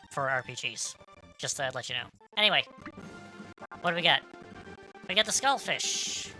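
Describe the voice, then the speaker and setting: A woman streaming a video game, casually reading its dialogue aloud and chatting, stumbling over words and breaking into loud excitement. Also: low voice, low-quality recording.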